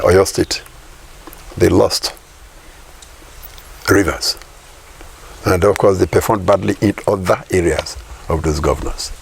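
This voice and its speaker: A man's voice: fairly low pitch, gravelly, darkish tone, husky. A middle-aged Nigerian man giving political commentary in an interview, emphatic, firing rhetorical questions and repeating his points.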